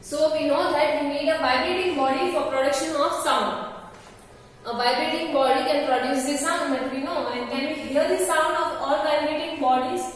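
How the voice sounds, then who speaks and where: A woman's voice: high voice, normal speed. A woman teacher explaining a science textbook chapter, restating points over and over with frequent fillers. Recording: echoey room, distant mic, faint noise.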